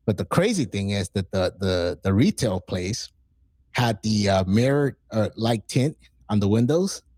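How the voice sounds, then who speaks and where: Lively, profane man telling war stories. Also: lowish voice, unhurried, no room sound. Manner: profane, excitable storyteller, acts out quotes. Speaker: podcast guest. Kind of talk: casual storytelling chat.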